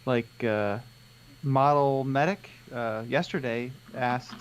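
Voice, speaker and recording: A man's voice: medium pitch, animated, normal speed. A man co-hosting a live miniature-painting stream, chatting casually, joking and reading out viewer questions. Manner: joking, teasing, reads viewer questions aloud. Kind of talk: casual chat.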